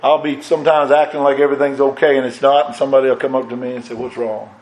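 A man's voice: medium pitch, little pitch movement, very fast, a little mellow. Impassioned preacher man in an echoey church. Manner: impassioned preaching cadence, swelling and dropping. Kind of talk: sermon.

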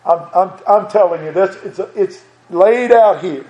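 A man's voice: high-pitched, unhurried, mellow, roomy sound, lo-fi sound. An older man preaching a sermon, earnest and repeating words, reading scripture aloud.

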